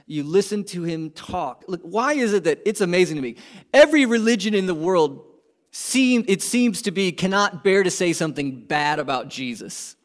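A man preaching a sermon with passion, moving from loud emphatic peaks to quiet low asides. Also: expressive, moderate pace. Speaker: pastor.

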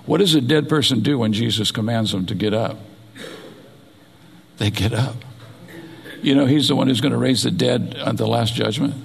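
Gravelly middle-aged preacher in a reverberant hall. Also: male voice, fairly low pitch. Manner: animated preaching, dramatic retelling of scripture. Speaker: pastor. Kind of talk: sermon. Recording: long reverb of a large hall.

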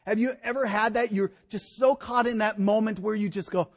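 High-voiced animated preacher man. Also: normal speed, hardly any pauses. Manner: animated, voice rising and dropping for emphasis. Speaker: pastor. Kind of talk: sermon.

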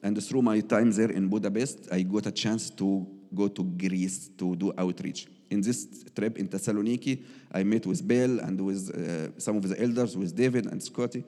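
A man's voice: fairly low pitch, moderate pace, hardly any pauses, dark tone, big-room sound. A man, telling his personal testimony as a missionary in earnest, broken English with frequent restarts. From Egypt.

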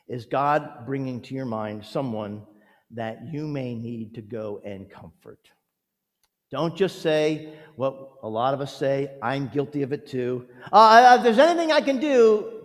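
A male pastor delivers a sermon in an earnest, gentle storytelling manner. His medium-pitched voice carries a long reverb, as if spoken in a large church sanctuary.

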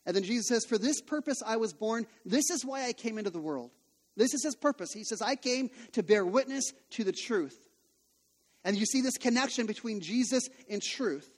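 A male pastor in his thirties delivers a sermon with a notably high voice, mixing personal stories with repeated rhetorical questions. His voice rings out with a long hall reverb, as if in a church auditorium. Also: lively intonation, moderate pace. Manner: conversational storytelling with rhetorical questions.

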